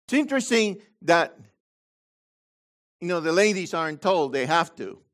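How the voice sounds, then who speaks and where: A man preaching a sermon as pastor, swinging between loud high emphasis and low quiet asides. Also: very animated, normal speed.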